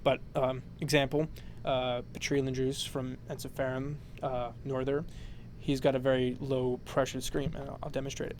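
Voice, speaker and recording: A man's voice: mid-range voice, flat delivery, moderate pace, some chatter behind, a little hiss or hum. A man explaining a vocal technique in a casual, rambling tutorial, full of fillers and "you know".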